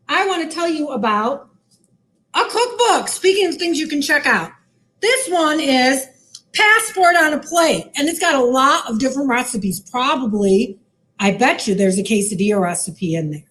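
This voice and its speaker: A woman's voice: high-pitched, animated, normal speed, sharp tone. A woman librarian showing children how to cook, talking cheerfully in a sing-song way. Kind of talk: cooking demo for kids. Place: library lounge.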